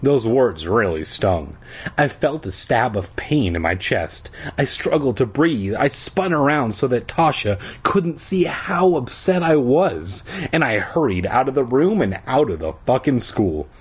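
Husky man reading a story with crude asides. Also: a little slow. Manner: adds crude joking asides; lively, rises high for quoted lines. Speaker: reader. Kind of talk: comedic book reading with asides.

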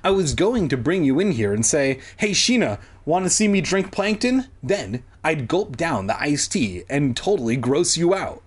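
A man's voice: on the high side, big pitch swings, normal speed, hardly any pauses, slightly rough. A man doing a cocky boy prankster. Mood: teasing. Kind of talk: comedic audiobook reading.

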